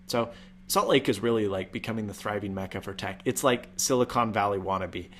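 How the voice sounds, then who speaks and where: This chatty tech streamer from Utah hosts casually and purposely pushes his pitch upward in jumps. With a fan in the room and his USB mic several feet away, there's slight background noise.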